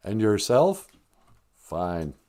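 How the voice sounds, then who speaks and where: A man's voice: lowish voice, very animated, very slow, warm tone. A middle-aged man, hosting a casual livestream podcast, joking with viewers and slipping into silly voices. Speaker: podcast host.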